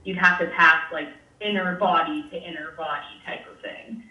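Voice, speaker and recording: A woman in casual chat explains things loosely, padding her points with "like". Her voice is bright. It comes across distant and a little dull, in a roomy space. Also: fairly low pitch, normal speed. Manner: hedging, uses lots of "like". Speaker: guest.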